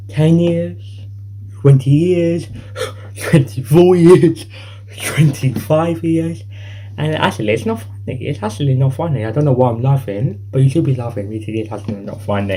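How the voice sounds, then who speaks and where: A man's voice: medium pitch, mellow, slightly rough, rough recording. A man hosting a homemade news show, reading the news in an improvised way that rambles, repeats itself and keeps restarting phrases. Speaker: home news show host.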